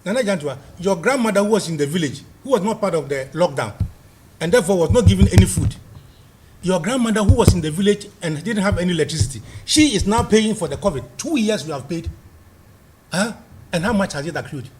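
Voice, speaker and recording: A man's voice: high-pitched, lively intonation, fast talker. An angry man with a Ghanaian accent, a guest delivering heated political commentary and repeating points for emphasis.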